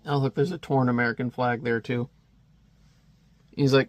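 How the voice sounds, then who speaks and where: A man's voice: mid-range voice, flat delivery, normal speed, no room sound. A man casually talking through a comic in a rambling review, chuckling at the panels.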